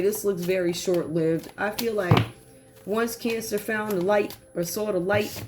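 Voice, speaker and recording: A woman giving a casual tarot reading, talking in lively slang and acting out what the cards seem to say. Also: medium pitch. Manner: animated, slangy, acts out quoted voices. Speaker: tarot reader.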